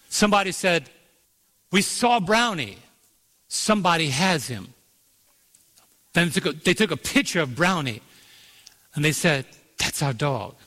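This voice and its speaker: A male preacher with a bright, forceful, somewhat high voice tells a story with strong emphasis. He stops to quiz his listeners and waits for them to call back the answer. A long reverb trails after each phrase. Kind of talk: sermon. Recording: long reverb of a large hall.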